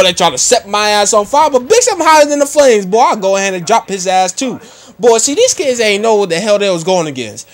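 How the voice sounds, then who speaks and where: High, lively teenage gaming commentator. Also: male voice. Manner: brash, profane trash-talking slang; rambling, with lots of "you know" and "boy". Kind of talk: casual gameplay commentary.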